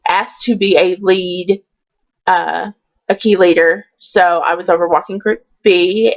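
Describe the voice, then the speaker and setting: A woman's voice: mid-range voice, dull audio. A woman telling a candid, chatty storytime in a casual vlog. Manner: chatty and candid, with many ums. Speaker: vlogger.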